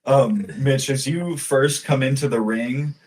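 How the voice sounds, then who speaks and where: A man narrating as game master in a relaxed online tabletop session. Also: medium pitch, unhurried.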